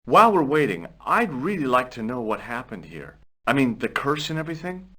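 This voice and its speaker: A man's voice: medium pitch, big pitch swings, a little fast, pushed and bright, breathy edge, heavily acted. A curious young adventurer in a video game, asking questions in a dry, casual way. His mid-range voice moves freely up and down as he also narrates his tale. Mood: inquisitive.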